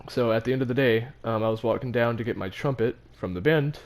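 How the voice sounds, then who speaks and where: A man's voice: mid-range voice, quick pace. A teenage boy telling a story about his school in a casual, rambling, self-mocking way, with many fillers and restarts. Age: teens. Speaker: vlogger.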